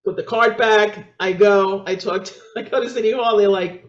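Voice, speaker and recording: A New York-accented woman appears as a guest on an interview show, energetically telling her story at a moderate pace with hardly any pauses and a fairly even intonation. She laughs often and acts out other people's voices with big pitch jumps. The recording is echoey, dull and lo-fi.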